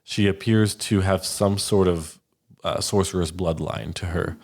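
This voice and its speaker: Low-voiced man narrating as game master. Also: fairly even intonation, a little slow, darkish tone. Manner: descriptive, casual, with many fillers.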